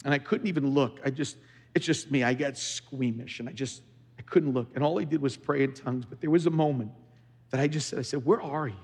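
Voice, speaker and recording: A man's voice: medium pitch, brisk, vocal fry, a little mellow, husky. A middle-aged male pastor preaching a sermon, telling a personal story and rising into fervent exhortation. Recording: large hall with long reverb.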